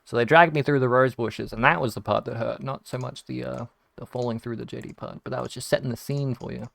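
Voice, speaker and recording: A young Australian video game streamer rambles through stories while playing, restarting sentences and swearing throughout. His medium-pitched voice is fast, steady in tone, creaky and fairly bright, with no echo.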